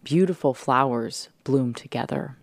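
A woman's voice: very deep voice, a little slow, no echo. A woman hosting a solo podcast at home, giving a peppy pep talk to her listeners and swearing for emphasis. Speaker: podcast host. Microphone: close podcast mic.

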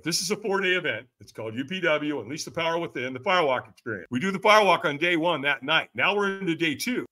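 A man spins a personal story as a guest, his pitch leaping all over as he acts out the people in it. His voice is fairly high and bright, pushed forward with emphasis. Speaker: podcast guest. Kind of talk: animated storytelling.

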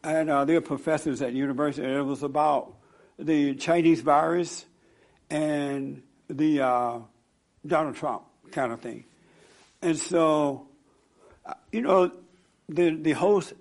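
Male pastor, raised pitch, animated storytelling sermon to a congregation. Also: unhurried, vocal fry. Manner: animated, storytelling, laughing at own stories. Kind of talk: sermon with audience counseling.

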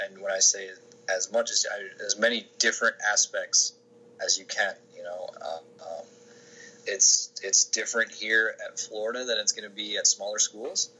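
A man's voice: on the low side, fairly even intonation, a little slow, bright, forceful tone, slight background noise, low-quality recording. A man, a sports information director, answering interview questions in a casual, rambling way with many restarts and fillers.

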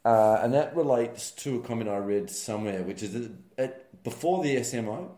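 Speaking at a moderate pace in a warm, animated, mid-range voice, a news commentary host goes casually through the week's headlines. His delivery is wry and sarcastic, loaded with ums and uhs as he rambles.

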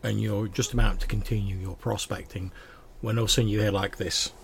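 A man's voice: on the low side, little pitch movement, a little fast, vocal fry, noisy background. A man narrating as game master of a tabletop game, descriptive and loose, with frequent fillers.

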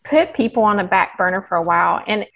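A woman talks in a casual, open chat with a lively storytelling way of speaking. Her voice comes through a slightly dull, muffled line. Her pitch sits in the middle range for a woman. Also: quick pace. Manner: open, animated storytelling with laughs. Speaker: podcast guest, health practitioner.

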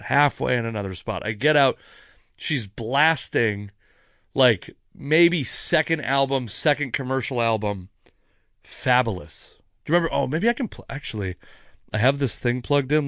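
Male podcast host, mid-pitched, loose profane storyteller, close dry mic. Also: dry recording. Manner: animated, profane, rambling with asides. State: sipping wine. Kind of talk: casual storytelling monologue.

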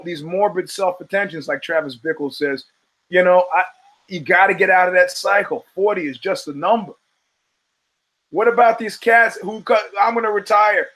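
A man's voice: sits high, a bit bright, rough recording. A man in his fifties hosting a podcast, ranting about fight results with lots of profanity and rambling asides. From United States. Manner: emphatic, ranting, profane, digressive. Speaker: podcast host.

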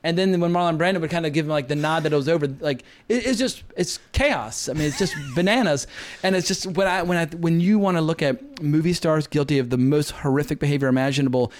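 Fast-talking, excitable male podcast host. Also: fairly high pitch. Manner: rapid, excitable ranting with laughs. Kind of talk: casual film discussion.

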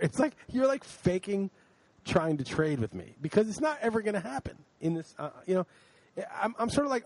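Fast, animated man ranting casually. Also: high voice, no echo, poor audio. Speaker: podcast co-host. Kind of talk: casual chat.

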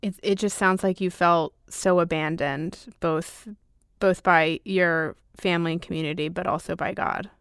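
A woman hosting a podcast, reading scripted narration in a measured, composed way. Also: on the low side, fairly even intonation, fairly bright tone, clean tone, no echo, clean studio sound. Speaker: podcast host.

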